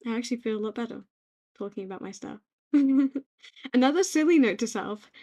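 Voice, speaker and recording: A young British woman gently rambling in a soft-spoken ASMR-style note to herself, reflective and quietly affirming, recorded on a home microphone. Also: a little high, sing-song, moderate pace, pauses often. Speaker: ASMR creator.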